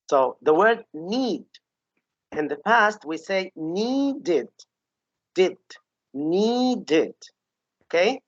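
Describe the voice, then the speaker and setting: A woman's voice: low voice, dry recording. A woman teaching English pronunciation in an online lesson, patiently repeating example words and often checking in with "okay?". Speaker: English teacher giving a webinar. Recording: dull lo-fi webinar audio.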